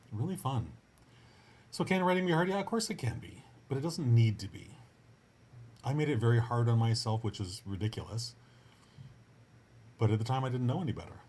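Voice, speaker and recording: A man's voice: on the low side, darkish tone, slightly rough. Earnest, encouraging male writing coach. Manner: earnest and encouraging, with frequent restarts and upbeat asides. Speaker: writing coach and podcast host. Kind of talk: casual motivational coaching monologue.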